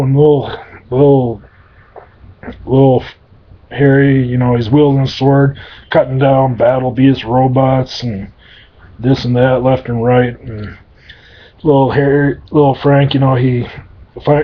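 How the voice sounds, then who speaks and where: A man telling an improvised story in a rambling, crude way, padding it with fillers, in a dull lo-fi recording. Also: medium pitch. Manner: rambling, crude, full of "you know".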